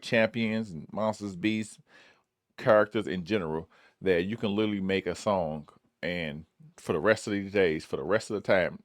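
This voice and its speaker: A man's voice: sits low, dry recording, studio quality. A man hosting a music reaction show, talking casually and laid-back with lots of "like" and "man". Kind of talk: casual chat.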